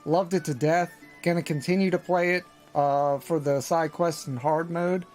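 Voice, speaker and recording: Relaxed male live streamer, chatty, slightly raised pitch, over faint music. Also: normal speed. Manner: relaxed, chatty, frequent fillers. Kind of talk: casual live gaming chat.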